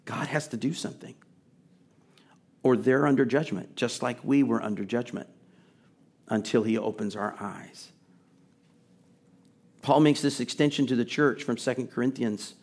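A man's voice: mid-range voice, normal speed, pauses often, a little mellow. A middle-aged man preaching a sermon in a conversational way, building to emphatic, rising questions. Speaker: pastor.

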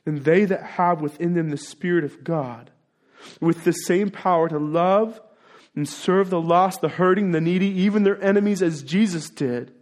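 A man preaching a sermon in an earnest way, dropping into quiet asides and then building to emphatic, rising points. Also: high voice, moderate pace. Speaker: pastor.

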